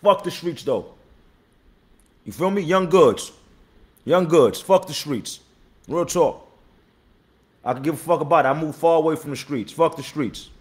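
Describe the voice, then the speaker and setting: Man, 30s, battle rapper, live-stream host, tired, raw profane street talk, a bit high-pitched. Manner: blunt, profane street talk, repeats himself, shouts out chat viewers.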